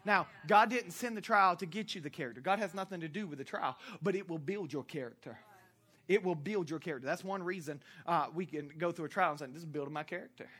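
A pastor with a bright, forceful voice delivers a lively sermon. The talk swings from joking asides to shouted emphasis, full of "uh" fillers and quick self-corrections. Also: mid-range voice, husky. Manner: animated, jokey, rising to shouts for emphasis.

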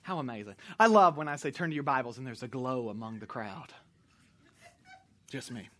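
A pastor preaching to a congregation in church, animated and joking, sometimes shouting. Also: male voice, medium pitch, normal speed, slight background noise. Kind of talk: sermon.

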